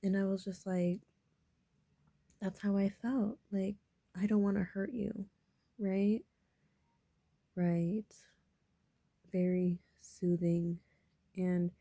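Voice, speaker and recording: A woman vlogger musing softly in half-whispers about personal matters. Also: medium pitch, steady tone, slow pace, vocal fry, long pauses, no echo. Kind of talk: reflective personal talk.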